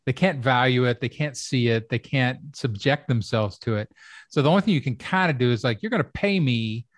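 A man's voice: mid-range voice, brisk, no room sound, clean studio sound. A man who works as a comedy producer, chatting casually on a podcast and telling rambling stories with asides.

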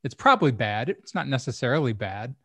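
A man's voice: mid-range voice, very animated, fairly quick, a bit bright, no echo. A man hosting a podcast, talking casually, opinionated and explaining things step by step. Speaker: podcast host.

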